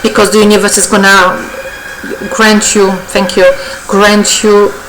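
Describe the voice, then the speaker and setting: A woman gives a weekly tarot reading straight to her viewers, speaking at a middle pitch. She is effusive and coaxing, repeats her words, and keeps checking in with "okay?". Faint birdsong sits behind her voice. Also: little pitch movement, measured pace, background noise. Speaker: tarot reader.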